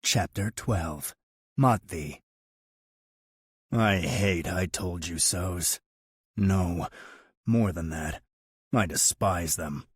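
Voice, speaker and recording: A man narrating a romance audiobook in the first person, with a low, husky voice. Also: very slow, long pauses, no room sound, studio quality, heavily acted.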